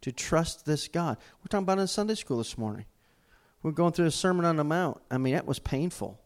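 Middle-aged man, pastor, folksy self-mocking preacher, a touch high-pitched. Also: animated, brisk. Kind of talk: sermon.

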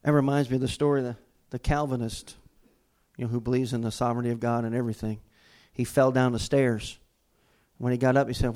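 A man's voice: medium pitch, brisk, a little mellow. A middle-aged man, preaching a sermon as pastor and telling folksy stories with self-mocking humor.

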